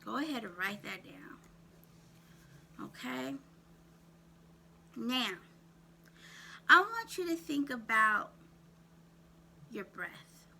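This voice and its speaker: Woman self-care coach, slow deliberate pace, bright voice, faint hum behind. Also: fairly high pitch, sing-song, gravelly. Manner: asks viewers rapid questions, repeats "write that down". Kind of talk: direct-to-camera coaching talk.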